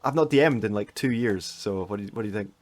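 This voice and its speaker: A man narrating as game master of a tabletop game, halting and restarting as he describes scenes. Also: on the low side.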